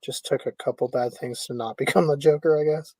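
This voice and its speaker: Man, middle pitch, easygoing host, casual chat, dry close sound. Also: a little fast, warm tone, no room sound, poor audio. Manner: easygoing, passes questions to guests. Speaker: podcast host. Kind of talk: casual pop culture discussion.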